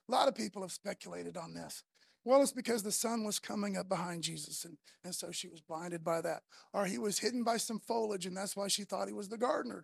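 A woman preaching a sermon, emphatic and repetitive, building from quiet to loud and passionate. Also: a little high, gravelly, husky, no room sound, studio quality.

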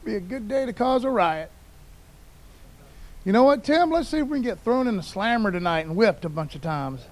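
A man putting on a high, giddy apostle. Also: animated, fairly quick. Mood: mock-eager. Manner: mock-eager, jokey. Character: sarcastic apostle egging on a friend to mischief.

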